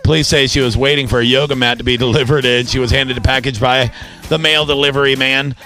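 A man's voice: mid-range voice, steady tone, quick pace, pushed and bright, soft background music. A man hosting a radio show, bantering and reading odd news stories in a loose, teasing way. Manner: joking, teasing, reads news items loosely. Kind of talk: casual morning radio banter.

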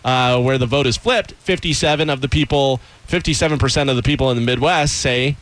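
A man's voice: medium pitch, a little fast, over a noisy crowd, low-quality recording. A man co-hosting a radio show, reading survey questions in playful, teasing banter. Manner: playful, teasing, quizzing the others.

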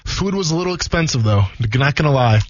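A man from Wisconsin, co-hosting a radio show, telling animated stories in casual banter. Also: on the high side, quick pace, dull audio. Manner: animated storyteller, acts out quoted lines.

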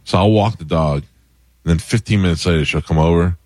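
A man hosting a radio talk show, telling stories in a dry, deadpan way. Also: deep voice, a little fast, dry recording. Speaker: radio host. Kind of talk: comic radio chat.

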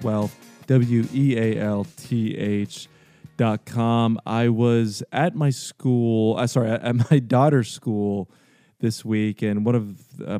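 A man hosting a radio finance show, persuasively pitching a free offer and repeating the phone number slowly. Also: mellow, no room sound, studio quality.

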